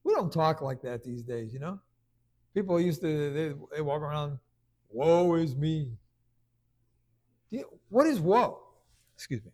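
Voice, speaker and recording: A man preaches a conversational sermon, stumbling over restarts before rising into loud bursts of emphasis. His voice is a little high and animated, at normal speed.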